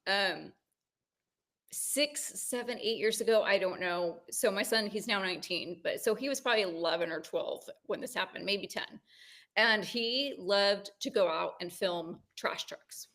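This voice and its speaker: A woman in her forties, co-hosting a podcast, telling a personal story in casual chat with animated ups and downs. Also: medium pitch, measured pace. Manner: animated storytelling, rising when excited. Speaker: podcast co-host.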